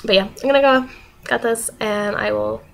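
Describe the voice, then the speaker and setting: Young woman vlogger, high bright voice, animated and giggly storytelling. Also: moderate pace, gravelly. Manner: animated, laughing often, acting out quoted voices. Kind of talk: casual storytelling vlog.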